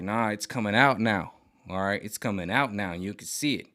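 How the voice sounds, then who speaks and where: A man's voice: lowish voice, fast, bright, forceful tone. A middle-aged man talking in a rambling, agitated vlog monologue, repeating himself and restarting often. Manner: mimics other voices sarcastically. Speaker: vlogger.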